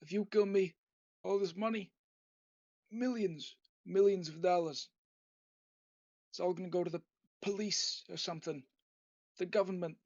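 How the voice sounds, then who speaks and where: A man voicing an aging, menacing mafia boss in a gruff mock-gangster drawl, recorded on a dull lo-fi setup. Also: high voice, fairly even intonation, measured pace, pauses often, a little mellow, no echo. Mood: rambling. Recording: dull lo-fi dry home recording.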